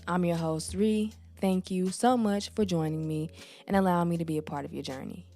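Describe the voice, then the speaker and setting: A woman hosting her own podcast, talking calmly and slowly with a morning voice. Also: lowish voice, faint music behind. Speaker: podcast host. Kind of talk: soft-spoken affirmation talk.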